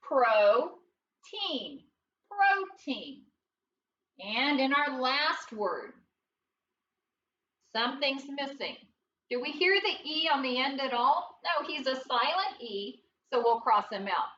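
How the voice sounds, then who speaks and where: A woman gives a slow, patient phonics lesson to first graders, her voice high and bright. She quizzes the class in a sing-song way and answers her own questions. The sound is dull and echoey, picked up from a distance with faint hiss beneath. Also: expressive. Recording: dull roomy sound from away from the mic with faint noise.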